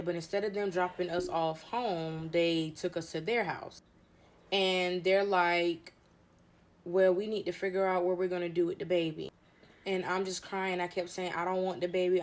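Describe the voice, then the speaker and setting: A young woman recounts a personal story in casual story-time style. Her voice sits a little low, and she voices the people in her story as she goes. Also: fairly even intonation, moderate pace. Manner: conversational retelling with quoted dialogue. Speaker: storyteller in clip.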